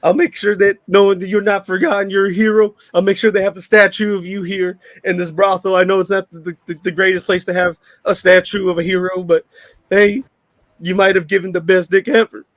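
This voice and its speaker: A man's voice: a little high, steady tone, normal speed, fairly bright tone, no echo. A man voicing a frightened, bruised young man who stutters and sobs. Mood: shaken. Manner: stuttering, shaky, sobbing pleas.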